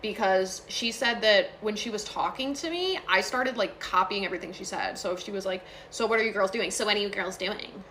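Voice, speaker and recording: A woman's voice: medium pitch, brisk, few pauses, a bit bright, slight background noise. A young woman casually telling a true ghost story to her phone, chatty and full of fillers and asides.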